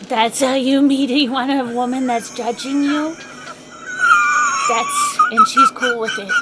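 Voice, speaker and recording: A woman's voice: high voice, huge pitch swings, measured pace, very noisy. A woman co-hosting a podcast in casual comedic chat, playful and teasing and laughing often. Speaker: podcast co-host.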